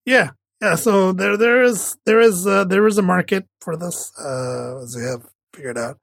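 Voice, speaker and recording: A man's voice: high voice, moderate pace, gravelly, fairly bright tone, no room sound. A man co-hosting a casual tech podcast, rambling with many fillers and restarts. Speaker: podcast co-host.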